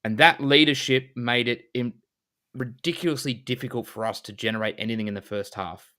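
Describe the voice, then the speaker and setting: A man co-hosting a football podcast, giving frank, measured analysis in a casual style. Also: medium pitch, bright, forceful tone. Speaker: podcast co-host.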